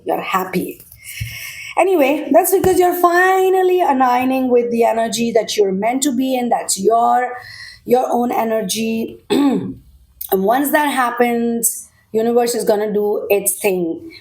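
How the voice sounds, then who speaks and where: A woman's voice: fairly high pitch, a little mellow. A woman giving a collective tarot reading, talking directly and reassuringly and often checking in with "okay?". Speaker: tarot reader.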